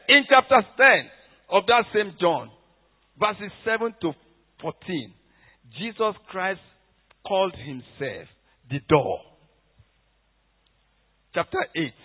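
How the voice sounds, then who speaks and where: A high-voiced male preacher delivers his sermon with fervor, surging into loud emphatic bursts and then dropping to hushed prayer. His voice comes through thin and tinny, like a phone line, and rings out with a long hall reverb.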